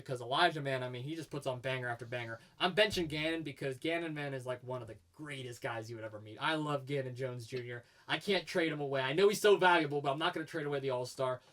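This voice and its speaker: Easygoing co-host, a bit off mic. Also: male voice, medium pitch, a bit bright, far from the mic. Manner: easygoing, chatty, drawn-out fillers. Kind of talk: casual podcast chat.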